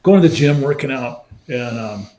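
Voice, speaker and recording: A California man in his sixties, once a football player, tells his story in a casual interview, animated and acting out the voices of people he quotes. He has a mid-range voice and a moderate pace, and the recording has a roomy echo.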